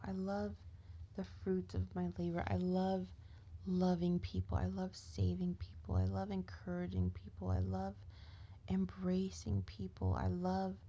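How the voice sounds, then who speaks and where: A woman's voice: medium pitch, creaky, mellow, breathy edge, highs cut off. A tired woman venting in a rambling, profane rant that often drops to a whisper.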